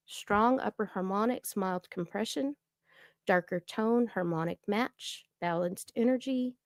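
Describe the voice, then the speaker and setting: Slow, gravelly-voiced woman explaining. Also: medium pitch, no echo, studio quality. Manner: slow, deliberate explaining with fillers. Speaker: commentary vlogger. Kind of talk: reading out a voice analysis.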